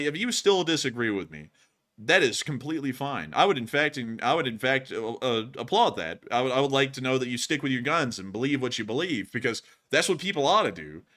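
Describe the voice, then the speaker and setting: A man's voice: mid-range voice, pushed and bright. A young man co-hosting a live stream, answering a viewer in a rambling way with many fillers and restarts. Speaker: co-host.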